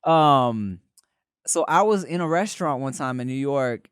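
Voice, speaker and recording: A man hosting a podcast, chatting casually and telling stories, loud and animated, often slipping into put-on voices. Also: medium pitch, measured pace, smooth, dry recording, studio quality. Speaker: podcast host. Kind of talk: casual comedic chat.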